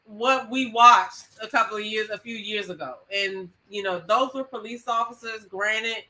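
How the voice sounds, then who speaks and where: A woman co-hosting a podcast in casual chat, animated and emphatic, laughing often. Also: medium pitch, moderate pace, low-quality recording. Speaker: podcast co-host.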